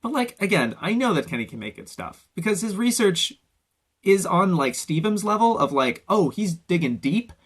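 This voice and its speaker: A man's voice: high voice, big pitch swings, moderate pace, a bit bright, slightly rough. A man giving unscripted, ranting commentary on anime videos, swearing often and mocking others in put-on quotes. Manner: ranting, profane, mocking impressions.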